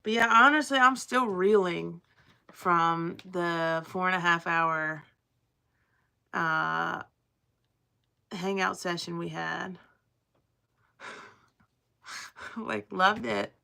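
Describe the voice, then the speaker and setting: A woman's voice: lowish voice, extremely slow, vocal fry, pauses often, sharp tone, smooth. A young woman with a Southern accent, chatting casually on a livestream in a rambling, playful drawl. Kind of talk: casual chat with live chat.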